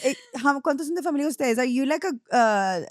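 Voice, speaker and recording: Co-host: woman, very high voice, dry close sound, playful and teasing. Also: lively intonation, fast, dry recording. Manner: playful, teasing, mixing English and Spanish. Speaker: podcast co-host. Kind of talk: casual chat.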